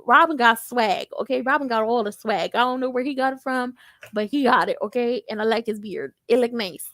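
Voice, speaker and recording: Sassy high-voiced young woman recapping TV. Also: a little fast, dry recording. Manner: sassy, joking, animated storytelling. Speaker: tv recap vlogger. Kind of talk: casual TV episode recap.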